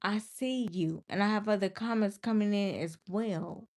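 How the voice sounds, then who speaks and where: A woman's voice: mid-range voice, moderate pace, darkish tone. Young woman, live-stream host, exasperated, scolding, chatty, mid-range voice. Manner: exasperated, scolding, talks straight to viewers. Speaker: livestreamer. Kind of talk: casual live-stream talk to chat.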